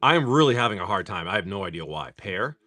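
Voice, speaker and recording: A man hosting a live stream, rambling casually, swearing freely, and reading off card names in quick lists. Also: sits low, sing-song, bright, forceful tone, no room sound. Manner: rambling, swears freely, laughs often at chat. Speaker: live-stream host opening card packs.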